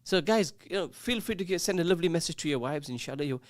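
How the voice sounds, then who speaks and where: A man's voice: fairly high pitch, expressive, fast talker, no echo, studio quality. A man presenting a casual radio show, chatting, teasing his co-host and reading out listener messages. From England. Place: radio studio. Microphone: studio microphone.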